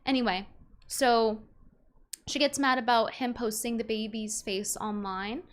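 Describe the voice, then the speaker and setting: A woman's voice: fairly high pitch, fairly even intonation, a little slow. A young woman streamer chatting casually, reading viewer messages aloud and reacting bluntly.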